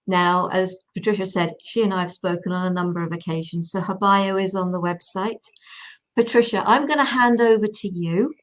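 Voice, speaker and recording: A woman's voice: medium pitch, steady tone, moderate pace. Welcoming female show host. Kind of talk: presenting an online show.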